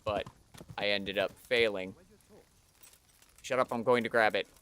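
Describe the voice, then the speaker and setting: Slow-talking man streaming a game. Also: lowish voice, steady tone, fairly bright tone, clear, resonant tone. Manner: chatty, talks to the game character and himself, self-mocking. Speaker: streamer playing a video game. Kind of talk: casual let's-play commentary.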